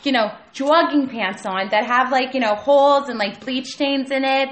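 A woman's voice: high voice, normal speed, reverberant. A woman from New York, guest co-host of a podcast, chatting animatedly with lots of fillers. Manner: animated, filler-heavy, teasing. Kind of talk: casual podcast chat.

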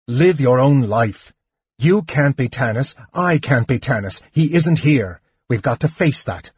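A man's voice: medium pitch, lively intonation, measured pace, slightly rough, no echo, dull audio, voice pushed up. A man voicing a stern, troubled knight commander who speaks curtly. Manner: stern and clipped.

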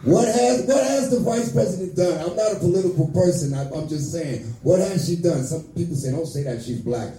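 A man in his fifties doing a profane, brash stand-up set, swinging between loud bursts and muttered asides. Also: sits high, brisk, hardly any pauses. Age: 50s. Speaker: stand-up comedian. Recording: echoey room, voice far from mic.

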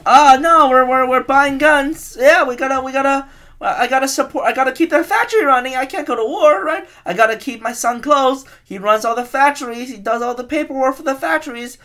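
Brief: man putting on a high, whiny arms-factory boss, smug and self-excusing. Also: brisk, pushed and bright. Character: smug male arms-industry profiteer.

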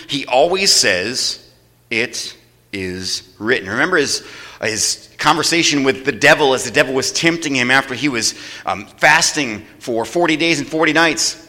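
A man's voice: fairly high pitch, sharp tone. A man preaching a sermon as pastor, asking the congregation emphatic questions and drawing call-and-response answers. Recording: long reverb of a large hall.

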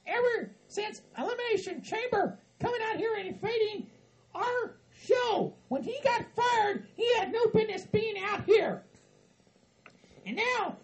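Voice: very high-pitched, rough recording. A performer voicing a bossy, fed-up hillbilly woman with a Southern drawl in a comedy skit.

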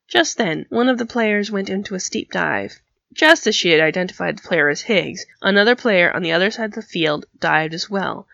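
A woman narrating a story in an even, steady storytelling manner. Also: mid-range voice, brisk, creaky, no room sound, muffled recording. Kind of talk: audiobook reading of fan fiction.

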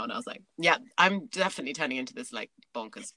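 A woman with a notably low voice, chatting in a candid, rambling way and laughing often. Her voice is recorded dry and close. She sounds like she is in her thirties. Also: animated, racing, few pauses, sharp tone, no echo. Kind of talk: casual chat.

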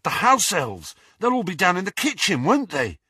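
Man reading as a blunt, earnest teen lad, lively, husky edge. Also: high-pitched, moderate pace, no room sound, clean studio sound, voice pushed up, exaggerated voice. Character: teenage boy, blunt and earnest friend.

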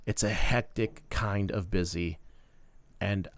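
A man's voice: medium pitch, slow pace, clear, resonant tone. A man in his thirties from Minnesota, hosting a podcast and telling his life story in an earnest, heartfelt way with many fillers. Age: 30s. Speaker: podcast host. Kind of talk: personal storytelling monologue.

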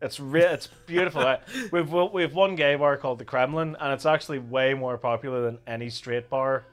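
A man's voice: mid-range voice, fairly quick. An Irish man chatting casually, swearing freely, laughing often and acting out voices in his stories. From Ireland. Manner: crude, laughing, acts out voices in anecdotes. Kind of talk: casual chat.

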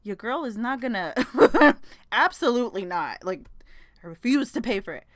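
A woman's voice: on the high side, lively intonation, normal speed, dry recording. Chatty young woman, dry close sound. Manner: rambling, chatty, swears freely, laughs often. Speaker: podcast host. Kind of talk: casual chat.

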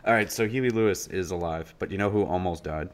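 A man's voice: sits low, a little fast. A man co-hosting a podcast, talking in a loose, profane, rambling way full of fillers. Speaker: podcast co-host. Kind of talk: casual podcast chat.

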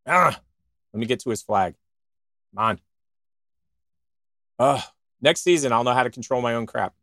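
A man in the middle of casual show banter, excitable and jokey, rambling from one thought to the next. His voice sits at an everyday pitch and sounds dry and close, with no room around it. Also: normal speed, dry recording. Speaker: co-host of a podcast show.

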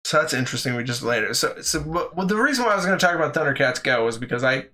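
Bright-voiced young man, laughing and rambling. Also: mid-range voice, expressive, very fast. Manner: laughs often, rambling restarts. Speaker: podcast co-host. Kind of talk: casual chat.

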